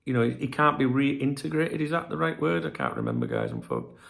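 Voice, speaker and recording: A man's voice: medium pitch, very animated, a little fast, vocal fry, a bit bright. A tired man hosting a football channel, ranting bluntly with heavy swearing. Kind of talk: late-night ranting vlog.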